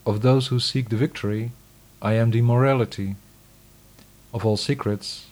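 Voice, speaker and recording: A man giving a scripted scripture reading in a measured, solemn, declamatory way. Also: medium pitch, steady tone, darkish tone.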